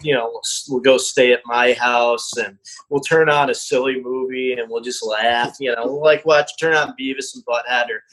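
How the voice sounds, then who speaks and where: A man's voice: medium pitch, fairly even intonation, fairly bright tone, rough recording. Friendly man chatting about his band. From New York State. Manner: friendly, laughing, halting with fillers. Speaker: band member. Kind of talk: casual video call interview. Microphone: video call.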